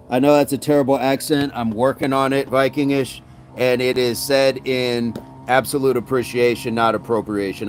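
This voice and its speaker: A man hosting a casual live stream, upbeat and laughing often as he reads out viewer comments. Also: medium pitch. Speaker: fitness streamer.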